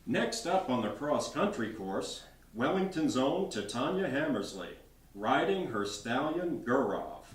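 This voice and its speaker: A man voicing a formal male event announcer, calling out loudly. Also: medium pitch, big pitch swings, a little slow, pitched above the performer's own voice. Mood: announcing. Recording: roomy bookstore from far off.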